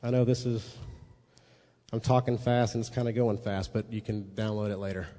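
A man's voice: lowish voice, fairly even intonation, moderate pace, warm tone. A man teaching a sermon in a conversational way, often checking in with his listeners. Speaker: preacher. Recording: long reverb of a hall.

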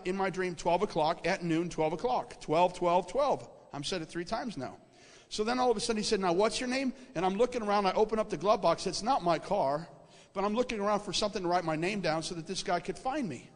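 A man preaching a sermon, telling a dream in an animated storytelling way that repeats words for emphasis and checks in with his audience. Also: high voice, fast. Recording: reverberant hall.

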